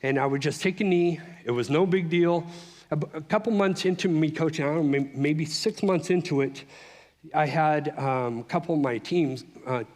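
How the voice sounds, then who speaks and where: A middle-aged man giving a personal testimony speech at a conference, telling his story in an animated way with frequent restarts. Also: a little high, moderate pace. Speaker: conference speaker. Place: conference hall. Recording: long reverb of a large hall.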